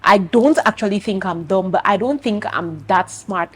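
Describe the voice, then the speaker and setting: A woman's voice: medium pitch, moderate pace, slightly rough. A woman in her thirties from Cameroon with a Cameroonian accent, speaking frankly and confidingly to her viewers in a personal vlog. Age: 30s. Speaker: vlogger.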